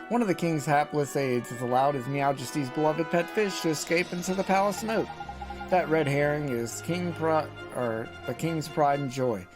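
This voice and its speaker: A man's voice: mid-range voice, natural voice, rough recording. A man voicing a polite, officious male palace gatekeeper who explains things formally, over faint game music.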